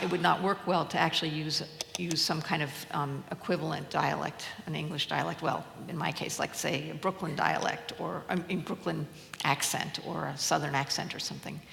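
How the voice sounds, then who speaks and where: Low, gravelly older woman, hesitant. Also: steady tone, normal speed, a bit bright, a little hiss or hum. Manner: hesitant, frequent fillers and restarts. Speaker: translator guest. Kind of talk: onstage Q&A conversation. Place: lecture hall at a public event. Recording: echoey hall with faint ambience.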